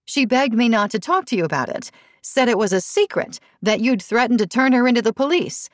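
A woman narrating an audiobook voices an anxious, panicked mother who speaks high and tense. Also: animated, fairly quick, no echo, natural voice. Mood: panicked, accusing.

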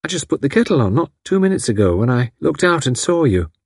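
A man's voice: medium pitch, sing-song, fast, a little mellow, husky, dry recording, clean studio sound, pitched above the performer's own voice. A man reading aloud, voicing a friendly, rambling housewife who lives in a lonely country house. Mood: chatty. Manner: rambling, homely talk. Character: friendly, chatty country housewife, a little odd.

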